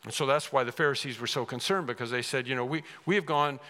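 A man's voice: mid-range voice, quick pace, pushed and bright, long reverb tail. A man preaching a sermon as pastor, emphatic and repeating key words for stress. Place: church sanctuary.

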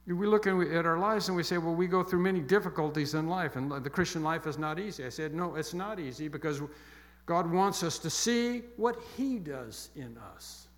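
A man preaching a sermon with emphatic, repeated phrases that fall soft and quiet toward the close. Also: fairly high pitch, expressive, moderate pace. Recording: long echo of a large hall.

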